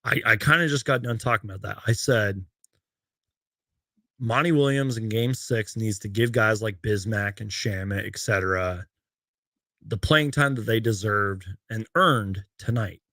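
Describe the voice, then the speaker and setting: A man's voice: lowish voice, unhurried, bright, forceful tone, no echo, studio quality. A man hosting a casual sports livestream, reading out game stats and viewer comments in a loose, rambling way. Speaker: sports fan livestream host. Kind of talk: casual live-stream chat.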